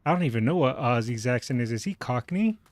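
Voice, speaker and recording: A man chatting casually and rambling with filler pauses while he streams a game. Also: medium pitch, expressive, a little hiss or hum. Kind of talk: casual gameplay commentary.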